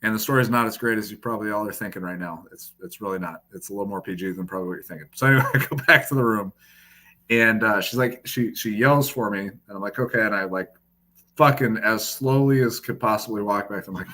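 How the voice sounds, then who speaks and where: A man, a podcast guest, telling a profane, lively anecdote full of quoted dialogue. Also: on the low side, fast talker. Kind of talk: casual storytelling.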